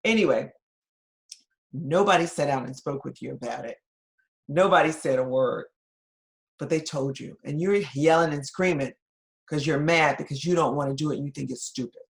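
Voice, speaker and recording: Low-voiced woman lecturing animatedly. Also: normal speed, long pauses. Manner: animated storytelling, acting out characters in a scenario; addresses listeners directly, repeating key points. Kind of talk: recorded lecture.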